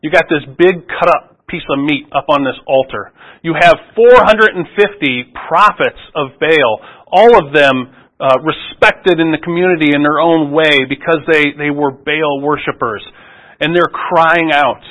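A man's voice: on the high side, moderate pace, fairly bright tone, low-quality recording. A man preaching a sermon in a conversational way, often restarting phrases and asking rhetorical questions.

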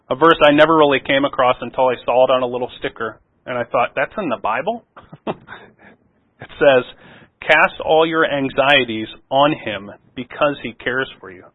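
A man preaching a sermon in an earnest voice, rising to loud pleading and dropping to soft, low asides. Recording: phone-like narrow sound.

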